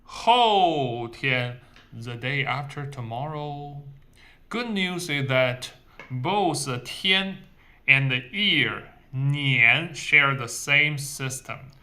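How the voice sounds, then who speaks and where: A man teaching tones in English, slowly and deliberately, drawing out example words. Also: mid-range voice, lively intonation, sharp tone. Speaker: Mandarin teacher. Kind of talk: short video language lesson.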